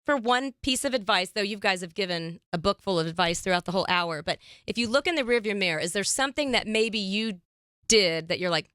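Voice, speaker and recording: A woman hosting a casual interview, an animated storyteller who laughs often and acts out quotes. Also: mid-range voice, fairly quick, smooth, no room sound, studio quality. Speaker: podcast host.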